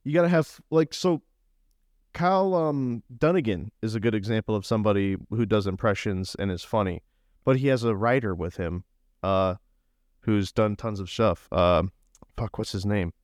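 A man's voice: on the low side, moderate pace, a little mellow, no echo, studio quality. A young man bantering in a casual comedic way, rambling and laid-back, saying "dude" constantly.

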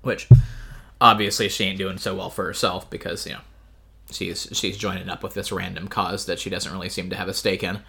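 A man co-hosting a book podcast in casual chat, relaxed, thinking aloud with "uh" and "um". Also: low-pitched, brisk, creaky, breathy edge.

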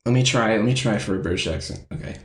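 A man with a lowish, fast voice banters on a live comedy stream, sounding incredulous and exclaiming often. He serves as a reader and player on the show, and the audio has a roomy echo.

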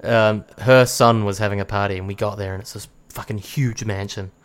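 A man's voice: lowish voice, fairly even intonation, fairly quick, clear, resonant tone. A man with a New Zealand accent chatting casually as a podcast guest, rambling through stories, laughing often and swearing casually.

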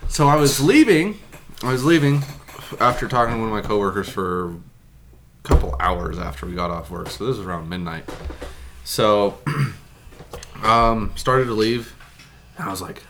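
A man's voice: on the low side, normal speed, pauses often, a bit bright, slight background noise. A young man telling a story in casual podcast chat, laughing often and swearing freely.

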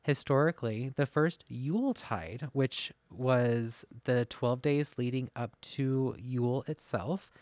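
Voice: mid-range voice, slow, few pauses, darkish tone, no echo. A podcast co-host reading research notes from a phone, with self-deprecating, chatty asides. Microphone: podcast mic, masked.

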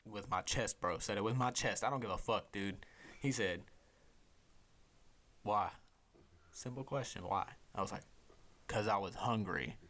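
A young man, a podcast host, telling a casual, profane story with lots of energy and sometimes dropping to a hushed voice. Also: lowish voice, a little slow, pauses often. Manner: profane, animated storyteller who drops to a hushed voice for inner thoughts.

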